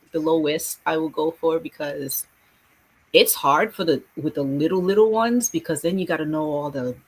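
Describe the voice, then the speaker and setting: Husky, animated woman telling classroom stories. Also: fairly low pitch, poor audio. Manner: animated storyteller, acts out classroom scenes with quick voices. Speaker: guest, schoolteacher. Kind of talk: casual video chat.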